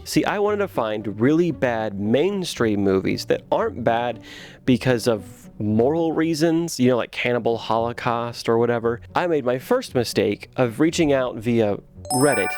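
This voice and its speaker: A man in his twenties giving sarcastic, animated comedic commentary on bad movies as a video host. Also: mid-range voice.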